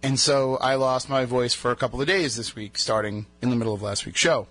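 A man's voice: medium pitch, a little fast, fairly bright tone, soft background music. New guy hosting a radio show, chatty, rambles through stories, voice still a bit worn. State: recovering from a lost voice. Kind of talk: casual radio banter.

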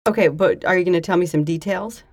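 A woman with a somewhat low voice chatting casually on a podcast, slangy and dismissive. Her voice is recorded close and dry. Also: quick pace, no echo. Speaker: podcast co-host. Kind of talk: casual chat.

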